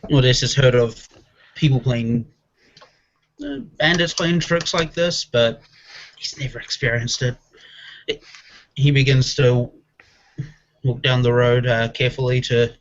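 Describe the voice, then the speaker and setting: A man's voice: mid-range voice, fairly even intonation, measured pace, long pauses, highs cut off. Hesitant man playing a tabletop game. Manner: hesitant, thinking aloud with fillers. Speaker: player. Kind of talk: tabletop game play, casual.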